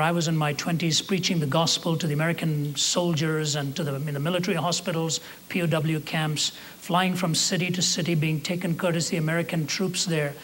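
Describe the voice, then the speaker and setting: An older man preaches and tells a story with measured earnestness. His voice sits a little high for a man, and he slows down to stress key words. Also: fairly bright tone. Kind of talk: sermon storytelling.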